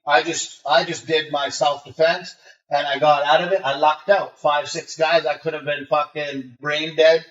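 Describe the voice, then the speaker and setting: A man's voice: on the high side, moderate pace. A man telling brash, swear-filled stories as a guest in a casual interview, acting out the voices of people he met. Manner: swears a lot, animated and brash, acts out voices in his stories. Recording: muffled remote call, roomy and distant.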